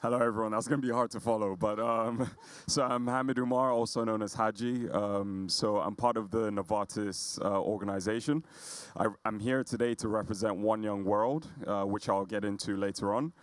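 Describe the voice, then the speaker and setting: A man's voice: fairly low pitch, fairly even intonation, moderate pace, clear, resonant tone, no room sound. A man from the UK introducing himself on a panel, modest and hesitant with fillers. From United Kingdom. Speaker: panelist, company employee.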